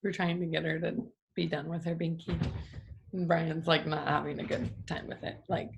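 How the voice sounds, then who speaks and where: A woman's voice: low-pitched, little pitch movement, normal speed, gravelly, dull audio, noisy background. A young woman giving a casual, emotional faith talk at home, chatty and full of fillers. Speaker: devotional host. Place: family home. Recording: roomy echo.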